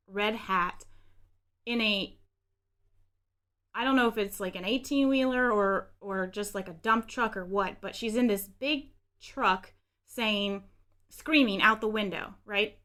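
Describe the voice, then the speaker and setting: A woman's voice: mid-range voice, a bit bright. A woman co-hosting a political podcast, teasing and sarcastic in casual chat. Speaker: podcast co-host.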